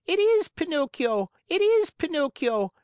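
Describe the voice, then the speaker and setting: A man voicing a chorus of small excited wooden marionettes, shouting shrilly in an audiobook reading. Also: sits high, measured pace, creaky, dry recording, clean studio sound, pitched above the performer's own voice, full character voice.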